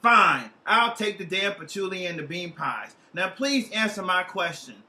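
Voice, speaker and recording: A man's voice: high-pitched, lively intonation, a little slow, sharp tone, roomy sound, heavily acted. A man voicing a frustrated young male stoner who calls a TV psychic and loses patience, cursing as he talks. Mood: exasperated. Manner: exasperated, impatient, profane.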